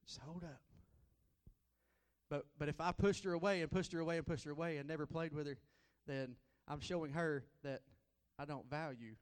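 A man preaching a sermon as a guest preacher, folksy and repetitive, swinging between loud and soft. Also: a little high, fairly even intonation, a little fast, hardly any pauses, clean tone, long reverb tail.

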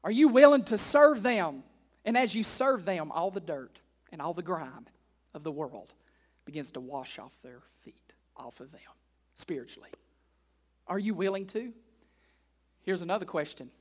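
A male pastor preaching a sermon to his congregation in church, repeating key lines, firing off rhetorical questions and dropping into casual asides, swinging between hushed and loud emphatic delivery. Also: high voice, lively intonation, normal speed.

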